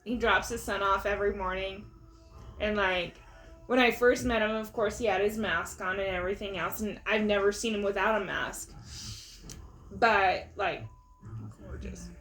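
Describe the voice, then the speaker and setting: A woman's voice: medium pitch, normal speed, a bit bright, faint music behind. A young adult woman, a teacher, gossiping casually and filling her talk with "like". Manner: chatty, full of likes, gossipy. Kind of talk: casual chat.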